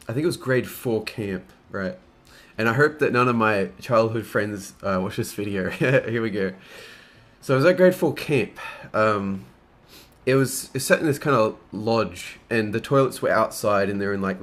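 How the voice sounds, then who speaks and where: A man's voice: fairly low pitch, fairly bright tone. A young man, casually answering fan questions and telling crude stories, swearing often and laughing as he goes. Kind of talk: casual Q&A storytelling.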